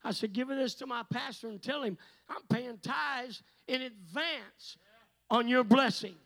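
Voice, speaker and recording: High, bright-voiced shouting preacher. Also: male voice, unhurried, rough recording. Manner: swings from hushed asides to shouting. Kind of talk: revival sermon.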